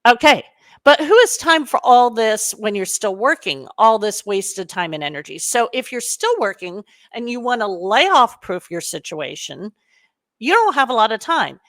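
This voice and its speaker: A middle-aged woman, a career coach giving a casual, animated webinar talk to her audience with frequent fillers. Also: a little high, moderate pace, no echo.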